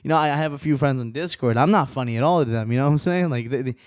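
Young male solo podcaster, twenties, rambling and profane, moody swings from hushed to riled up, dry room. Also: mid-range voice, racing, no room sound. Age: 20s. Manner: profane, rambling, restarts often; swings between quiet musing and riled-up rants.

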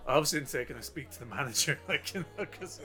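A man's voice: mid-range voice, lively intonation, rapid-fire, pushed and bright. Profane storyteller man. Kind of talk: casual storytelling chat.

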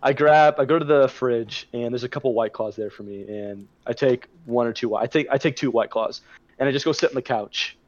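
A man's voice: mid-range voice, a little fast, no room sound. Young man, podcast co-host, casual storytelling, heavy swearing, dull dry recording. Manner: swears a lot, rambling anecdotes.

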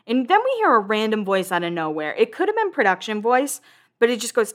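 Hosting a podcast, a woman with a fairly high, sing-song voice talks fairly quickly as she recaps a reality show. The chat is casual, with swearing and quotes acted out in her own delivery.

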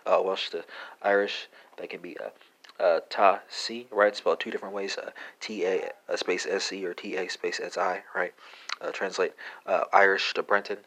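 A man hosting a language lesson podcast, talking through verb forms with lots of "uh" pauses and a habitual "right?", spelling words out letter by letter. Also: sits low, little pitch movement, a bit bright. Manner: halting, many "uh" fillers and tag "right?". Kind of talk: casual spoken language lesson.

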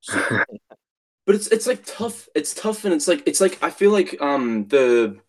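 A man's voice: on the high side, big pitch swings, measured pace, darkish tone. Rambling, swearing man in casual chat. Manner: loose and rambling, swearing, losing his words mid-sentence. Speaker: podcast co-host.

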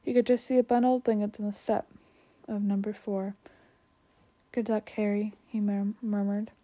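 Woman reading a storybook aloud; mellow, self-correcting. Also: mid-range voice, steady tone, fairly quick. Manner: trips on words and corrects herself.

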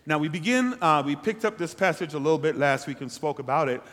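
A high-pitched male pastor delivers a sermon in a church sanctuary, repeatedly calling the congregation to answer back. His voice climbs louder and higher when he presses a point, and a long hall reverb trails every phrase. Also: fast, hardly any pauses. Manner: preaching with call-and-response to the congregation; rises in pitch and volume when urging the room.

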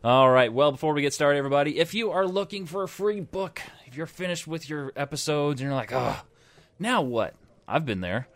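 A man co-hosting a podcast, chatting casually and excitedly, joking and laughing often. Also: a little high, fast, hardly any pauses, dry recording. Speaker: podcast co-host. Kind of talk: casual chat.

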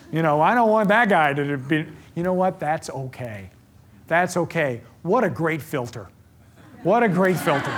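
Earnest male preacher, fairly high voice, repeats lines for emphasis. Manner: earnest, gets emotional about faith. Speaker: speaker giving a faith talk. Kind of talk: sermon.

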